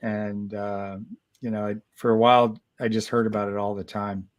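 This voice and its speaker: A man in his sixties, a guest comic artist, telling stories in a casual interview, animated and full of restarts. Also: lowish voice, moderate pace, dull audio. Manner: animated storyteller, many restarts.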